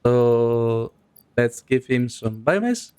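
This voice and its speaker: Slow-talking man narrating his gameplay. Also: medium pitch, animated, a little mellow, clean tone. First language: not English. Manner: unhurried, thinking aloud with many fillers. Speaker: gaming video host. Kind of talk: casual gameplay commentary.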